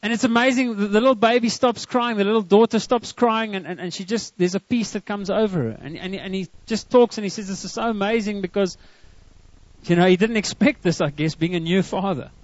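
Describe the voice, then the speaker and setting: A man's voice: high-pitched, a little fast, dry recording, lo-fi sound. A man preaching a sermon to a church congregation, earnest and often repeating words as he starts a line. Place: church service.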